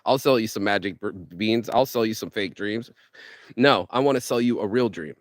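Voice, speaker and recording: A man delivering a rambling, profane motivational monologue for his own vlog, speaking fast with restarts and swearing freely. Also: lowish voice, dry recording, clean studio sound. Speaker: vlogger.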